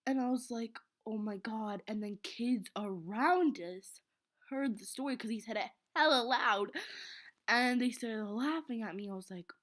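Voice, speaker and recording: A woman's voice: a little high, a little slow, fairly bright tone. A teenage girl telling an embarrassing story in a rambling, flustered way, often dropping to a whisper. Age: teens. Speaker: vlogger. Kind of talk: casual storytelling vlog.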